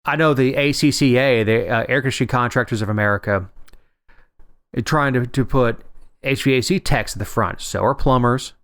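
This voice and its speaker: A man's voice: medium pitch, a little fast, a bit bright, no room sound, studio quality. A man co-hosting a casual political podcast, rambling and wry, often restarting his sentences. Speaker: podcast co-host.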